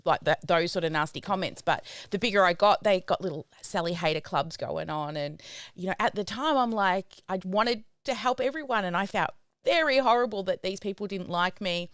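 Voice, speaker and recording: A woman's voice: mid-range voice, normal speed, a bit bright, no echo, clean studio sound. A woman hosting a live podcast, chatting casually and affirming her guest. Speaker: podcast host.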